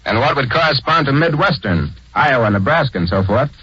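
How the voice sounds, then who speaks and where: Male radio narrator, 1940s, explanatory and easygoing; husky, dry, lo-fi. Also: medium pitch, lively intonation, fairly quick, pushed and bright, no echo. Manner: conversational, explanatory. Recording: dull, dry old radio recording.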